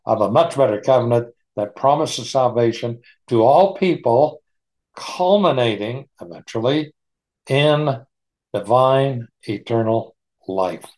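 A man leads a Bible study in an unhurried, folksy manner. He chuckles often as he explains the passage, and his voice sits at an ordinary middle pitch. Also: expressive, a little mellow. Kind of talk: online Bible study teaching.

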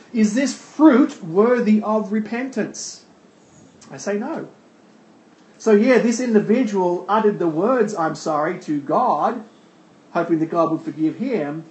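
A man with a fairly high voice preaches a sermon, working through a scripture passage verse by verse. He poses rhetorical questions and answers them. The recording carries a roomy echo. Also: darkish tone.

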